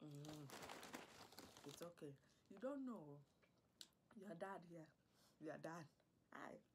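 A woman's voice: low-pitched, lively intonation, slow pace, noisy background. Woman doing a fussy African dad, whispered role-play. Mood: coaxing. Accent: African English impression. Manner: coaxing, pleading, fussing over the listener. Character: fussy, doting middle-aged African father.

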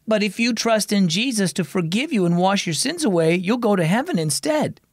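A man's voice: high-pitched, animated, normal speed, no echo, studio quality, voice pushed up. A man voicing a playful, cocky older brother in a children's story, teasing and eager.

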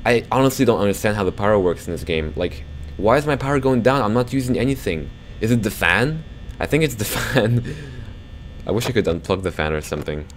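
A young man commentating a horror game for his viewers, jumpy and quick to swear when startled, talking to the audience as he plays. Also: lowish voice, animated, slight background noise. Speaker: gaming YouTuber.

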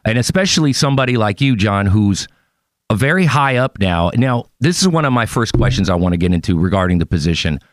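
A man hosting a casual interview podcast, talking in an animated, chatty way. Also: fairly low pitch, fairly quick, no room sound, clean studio sound. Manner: animated, chatty, tells stories with impressions. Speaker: podcast host.

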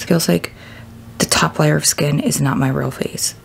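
A woman in her thirties chatting casually to the camera at home in a video diary, sometimes dropping to a hushed whisper. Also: low voice, fairly even intonation, quick pace, gravelly. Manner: chatty, self-narrating. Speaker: vlogger.

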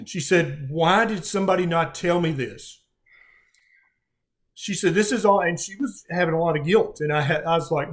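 A middle-aged man with a fairly high speaking voice. He tells a patient story earnestly, with feeling and frequent restarts, as a physician in conversation. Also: normal speed. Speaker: physician guest.

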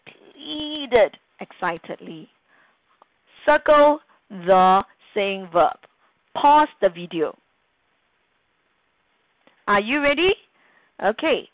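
A woman's voice: mid-range voice, dry recording. A woman teacher with a Singaporean English accent, patiently quizzing students in a recorded grammar lesson. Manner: patient, quizzing the class, acting out quoted lines. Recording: tinny phone-like dry sound.

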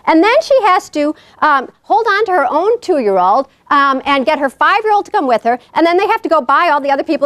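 A woman with a New York accent giving a humorous lecture as a guest speaker in a college lecture hall, telling stories as an animated, joking storyteller. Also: extremely high pitch, normal speed.

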